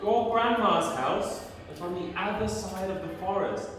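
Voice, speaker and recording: A woman voicing a sly, hungry male wolf in a children's story, with a slow, low growl. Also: a little hiss or hum, lightly acted. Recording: echoey room from far off.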